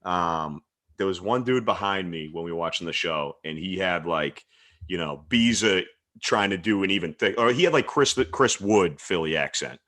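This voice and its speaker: A man's voice: sits low, lively intonation, moderate pace, sharp tone. A man from Philadelphia with a Philadelphia accent, hosting a podcast in laid-back chat, swearing and saying dude a lot. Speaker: podcast host.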